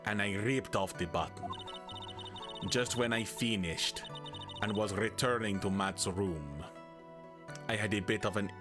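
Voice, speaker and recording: A man voicing a cornered young female witness in a game, using a rough put-on Russian accent and speaking in a halting, hesitant way. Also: on the low side, music in the background, pitched below the performer's own voice, natural voice. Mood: confessing.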